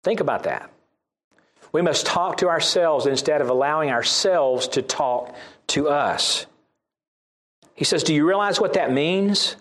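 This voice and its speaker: A man's voice: on the high side, animated, a little slow, pauses often, fairly bright tone. A man with a Southern US accent preaching a sermon, reading scripture aloud and repeating key lines for emphasis.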